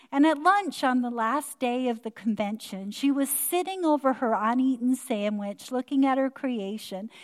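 An older woman pastor delivering a sermon in a measured, earnest manner. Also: high voice.

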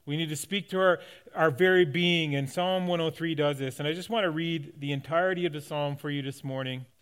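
A man's voice: fairly high pitch, steady tone, fairly quick, fairly bright tone, smooth. A man, the pastor of his church, preaching a conversational sermon to his congregation, with frequent restarts and light laughs. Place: church sanctuary.

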